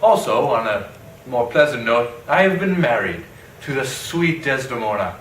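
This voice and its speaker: A bright, casual Othello, played by a man who brags and rambles like a modern guy at a party. He tells his tale in slang, with faint room noise. The voice sounds roomy and set back from the mic. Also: medium pitch, big pitch swings, normal speed. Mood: boastful. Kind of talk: parody skit. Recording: echoey room, mic at a distance.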